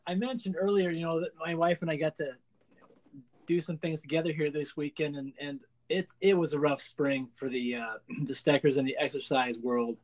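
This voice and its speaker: A man's voice: fairly high pitch, steady tone, normal speed, a little mellow. A man co-hosting a podcast, making jokey sarcastic asides. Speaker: podcast co-host. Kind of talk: casual chat.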